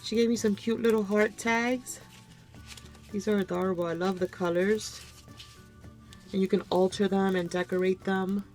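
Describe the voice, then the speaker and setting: A woman hosting a crafting channel, casually showing off a gift package, gushing over every item and talking straight to viewers. She sounds a bit low on energy as she comes down with a cold, recording at her craft desk at home. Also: fairly even intonation, normal speed, long pauses, a little mellow, soft background music. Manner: gushing, keeps addressing viewers as "you guys". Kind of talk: casual show-and-tell unboxing.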